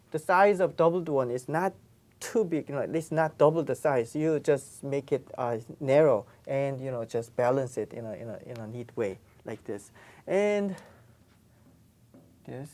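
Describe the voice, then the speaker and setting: A woman's voice: low-pitched, dark tone. A woman teaching pronunciation in a classroom lesson, patiently repeating each sound. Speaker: Korean language teacher.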